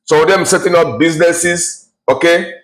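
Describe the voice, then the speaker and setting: A man in his forties rants bluntly to camera. He sounds heated and scornful, and he often restarts and fills pauses with uh. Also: on the high side, rough recording. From Nigeria. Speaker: vlogger. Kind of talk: ranting to camera.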